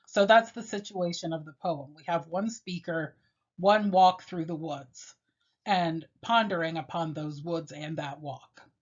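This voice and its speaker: Low-voiced woman lecturing on poetry. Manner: measured, explanatory, with pauses and fillers. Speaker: literature teacher. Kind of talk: classroom lecture on a poem. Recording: dull lo-fi recording.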